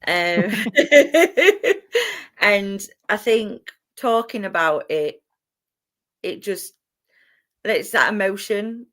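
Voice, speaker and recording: Expressive, laughing young woman. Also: mid-range voice, slow pace, long pauses. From England. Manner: expressive, excitable, laughs often. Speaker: wrestling announcer and podcaster. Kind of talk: candid interview answers.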